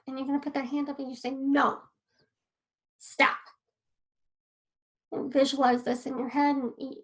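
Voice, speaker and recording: A woman's voice: high voice, low-quality recording. A woman wellness coach talking earnestly to camera from her desk at home, encouraging and a little emotional. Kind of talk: casual talk to camera. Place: home desk in a sunny room.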